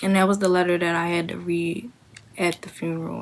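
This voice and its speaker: A young woman vlogging candidly to camera, speaking in a halting, emotional way as she holds back tears while grieving. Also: on the low side, flat delivery, slight background noise. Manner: emotional, halting, plain-spoken.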